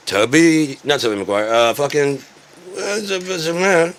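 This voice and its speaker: A man's voice: a little high, very animated, normal speed, fairly bright tone, smooth. A man ranting in a sarcastic, rambling and profane way, as an online commentator.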